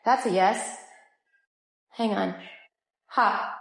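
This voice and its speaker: A woman's voice: medium pitch, extremely slow, gravelly. A young woman chatting casually on a live stream at home, gushing over her dogs. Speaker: livestream host. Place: home, indoors.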